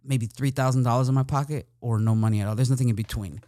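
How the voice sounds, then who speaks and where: A man's voice: medium pitch, fairly even intonation, fast, dark tone, no room sound, studio quality. A man, a comedian guest in a casual chat, who jokes around, laughs often and slips into playful voices. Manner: laughs often, jokey and loose with playful impressions.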